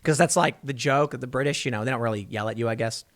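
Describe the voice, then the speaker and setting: A man hosting a casual commentary vlog, talking in a sarcastic, rambling, animated way. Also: medium pitch, fast. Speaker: commentary host.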